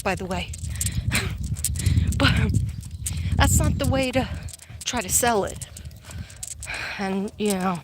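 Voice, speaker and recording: Slow-talking chatty woman outdoors. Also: mid-range voice, heavy background noise. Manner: chatty, rambling, reads viewer comments aloud. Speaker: psychic vlogger. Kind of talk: casual live-stream chat while walking. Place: outdoors on a walk.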